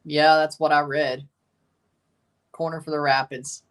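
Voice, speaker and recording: A woman's voice: low-pitched, flat delivery, unhurried, far from the mic. A woman hosting a casual livestream watchalong, calling scores and plays in an offhand way and swearing at big moments. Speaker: watchalong host. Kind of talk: casual live match commentary.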